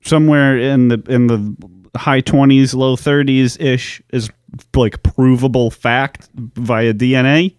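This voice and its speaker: A man's voice: mid-range voice, steady tone, takes it slowly, darkish tone, clean tone, no room sound. A man co-hosting a true-crime podcast, chatting casually with joking, profane banter. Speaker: podcast co-host. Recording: dry, close podcast recording.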